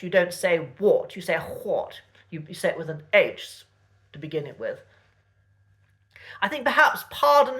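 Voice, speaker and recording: Man teaching, unhurried with pauses. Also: high voice, fairly bright tone. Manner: unhurried, thinking aloud with pauses and restarts. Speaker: language teacher host. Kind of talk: casual spoken lesson.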